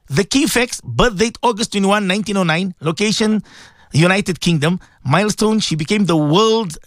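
A man hosting a live morning radio show, chatting in a warm, preachy way and often calling out to his listeners. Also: high voice, normal speed, no echo, clean studio sound. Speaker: radio host. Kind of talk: casual live radio talk.

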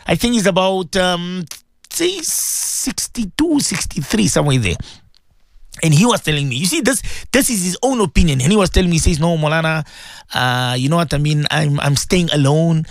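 On this emotional call-in radio show, a man speaking as a Muslim cleric reads out messages from listeners with heartfelt repetition. His voice runs on the high side and sounds animated, at a moderate pace, captured in a dry recording.

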